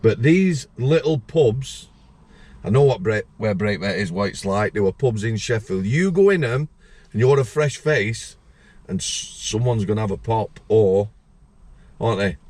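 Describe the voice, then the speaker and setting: A man's voice: on the low side, animated, moderate pace, a little mellow. A man in his sixties with a Yorkshire accent, hosting a casual podcast chat and chipping in with blunt stories. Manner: blunt, chatty, interjects with stories. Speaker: podcast host.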